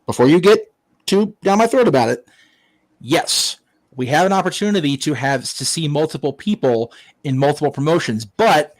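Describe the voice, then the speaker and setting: A man's voice: on the high side, animated, moderate pace, no echo, low-quality recording. A man hosting a wrestling watch-along, ranting casually with profanity and stammered restarts. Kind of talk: casual online chat.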